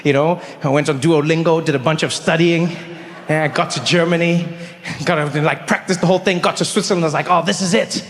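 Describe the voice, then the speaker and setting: Animated man doing stand-up in a hall. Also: fairly high pitch, quick pace. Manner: animated, acts out voices. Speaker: stand-up comedian. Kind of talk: stand-up storytelling.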